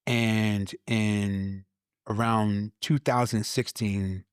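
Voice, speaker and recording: A lowish-voiced man tells a personal testimony in a loose, animated way. He stumbles over repeated words and acts out his own past lines. The recording is close and dry. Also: drawn-out words, smooth, no echo. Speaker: guest, Army veteran. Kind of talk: testimony in a casual conversation.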